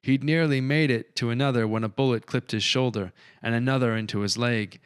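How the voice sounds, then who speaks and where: A man narrating a science fiction audiobook in a steady, measured way. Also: medium pitch, clear, resonant tone, no room sound, studio quality. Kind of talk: scripted narration.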